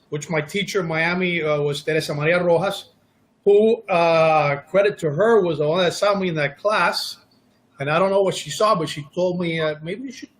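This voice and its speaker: Middle-aged guy w a high voice, actor chatting about his work, jokes at his own expense. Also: fairly bright tone. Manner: self-deprecating, joking storyteller. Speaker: actor guest. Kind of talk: casual interview talk.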